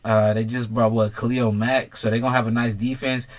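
A man's voice: mid-range voice, little pitch movement, a little fast. Profane, blunt young man talking football. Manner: blunt, profane, talks straight to fans. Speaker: sports commentator ranking quarterbacks. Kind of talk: casual sports opinion vlog.

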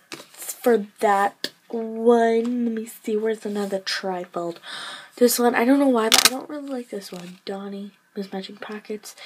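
A woman's voice: a little high, a little hiss or hum, rough recording. A tired teenage girl talking casually as she shows off her handmade duct tape wallets, chatty and full of fillers. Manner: chatty, filler-heavy, trailing off. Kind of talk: casual show-and-tell vlog.

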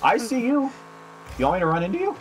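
Man, relaxed gamer, high lively pitch, slow talk, game music behind. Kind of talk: casual gaming chat.

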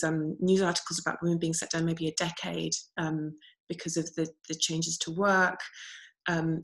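A woman speaking as a panellist on an online discussion, telling a story in an earnest way over a video call. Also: fairly low pitch. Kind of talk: panel talk.

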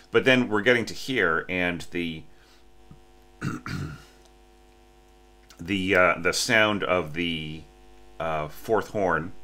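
A man teaching orchestration, talking through a student's score in a halting, restarting way, often checking in with "right?" and sometimes singing or breathing out the phrasing. He says he is a little sleepy. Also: sits low, pushed and bright. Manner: sings and breathes examples of phrasing. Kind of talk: spoken score critique.

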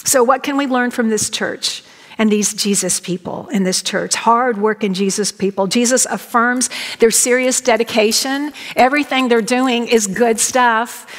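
Woman, Bible-teacher sermon, folksy and emphatic, slightly high voice, long hall reverb. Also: moderate pace. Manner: warm, folksy and emphatic, addressing the congregation directly. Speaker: Bible teacher, guest speaker.

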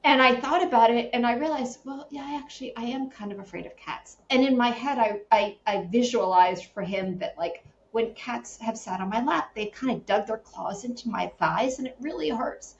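Middle-aged woman from connecticut, animated storyteller doing little voices, kinda high voice, echoey room. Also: normal speed, few pauses. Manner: animated, acts out quoted voices, laughs often. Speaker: podcast guest, animal communicator. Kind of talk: casual interview storytelling. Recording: roomy, slightly dull sound, faint background hum.

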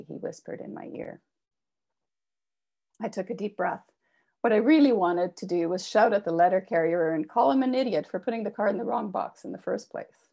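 A woman author reading a personal memoir aloud with expressive delivery. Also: medium pitch, moderate pace, vocal fry. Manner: expressive reading, raises voice for quoted shouts. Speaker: author reading her work.

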